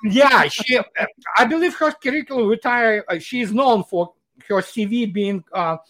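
A man speaks in a high voice, talking animatedly and sardonically in a casual interview. He stops often on fillers before pressing his point. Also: moderate pace, a bit bright. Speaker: guest commentator.

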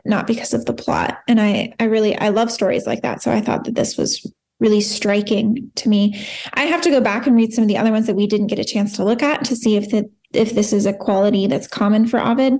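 A woman's voice: mid-range voice, a little mellow. A woman co-hosting a book podcast, speaking earnestly and enthusiastically about a story. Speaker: podcast co-host. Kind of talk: casual book discussion.

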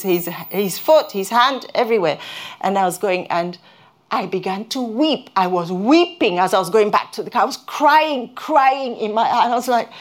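Earnest woman preaching a sermon. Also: medium pitch. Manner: earnest, halting restarts, rises when stirred. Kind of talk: sermon with personal testimony.

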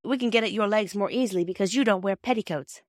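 A woman's voice: mid-range voice, fast, no room sound, clean studio sound, natural voice. A woman reading aloud, voicing a firm, principled young girl. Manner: firm and earnest.

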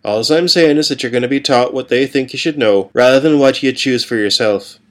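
Guy reading as a tired fisherman dad, low and quiet, kinda serious. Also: brisk, natural voice. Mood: earnest. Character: weary fisherman father, gentle and serious.

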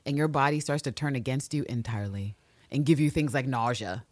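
A woman co-hosting a podcast, recapping a TV episode in casual, animated, profane chat. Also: a bass voice, fairly quick, no room sound. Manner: animated, profane, often laughing. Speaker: podcast co-host.

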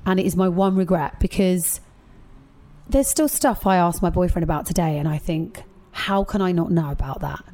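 Chatty woman in her thirties. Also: on the low side. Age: 30s. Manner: chatty, animated storytelling with quick asides. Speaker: guest. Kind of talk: casual chat.

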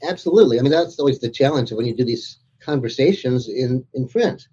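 A man being interviewed about his book tells amused, anecdotal stories. His voice is husky and mellow, and the recording sounds dull and lo-fi. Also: medium pitch, animated, fairly quick. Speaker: author and interviewer guest. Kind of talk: casual interview chat.

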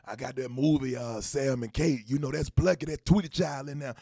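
A man's voice: mid-range voice, fairly quick, vocal fry, dark tone, husky, dry recording, clean studio sound. Man doing a boastful barbershop bootleg guy. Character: casual male barbershop regular bragging about a bootleg movie.

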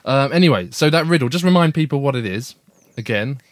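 A man's voice: medium pitch, animated, fairly quick. A man co-hosting a casual family podcast with his young daughter, playful and teasing, with frequent "uh"s and restarts.

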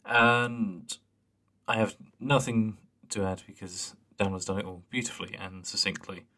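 Man podcast co-host, very low voice with a bright edge; earnest, casual, slightly hesitant. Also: fairly even intonation, a little slow. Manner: earnest, reads out listener emails, hesitant fillers. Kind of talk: casual chat.

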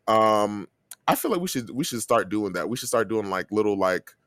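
A man's voice: fairly low pitch, very animated, normal speed, fairly bright tone, no room sound. A man co-hosting a podcast, chatting casually about comics in a rambling way full of fillers and restarts. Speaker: podcast co-host.

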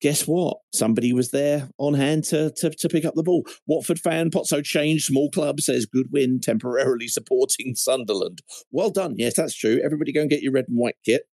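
A man's voice: mid-range voice, fairly quick, few pauses, a little mellow. A man hosts a casual fan call-in show, reeling off listener comments with dry, wry remarks. His voice sits in a middle register, and the sound is dry and close with no room echo. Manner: wry, chatty, self-interrupting, reads comments aloud with dry asides. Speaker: fan podcast host reading listener messages. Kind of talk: casual chat.

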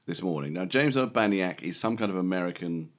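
A man with a posh London accent, hosting a casual chat, animated, laughing and swearing freely. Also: low-pitched, brisk. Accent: London, posh Cockney. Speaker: podcast host.

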